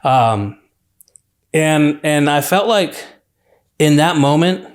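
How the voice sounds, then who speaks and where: Young man telling his story, relaxed. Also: fairly high pitch, takes it slowly. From California, USA. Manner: relaxed, rambling, many "like" and "you know" fillers. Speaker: podcast guest, university student. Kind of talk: casual storytelling interview.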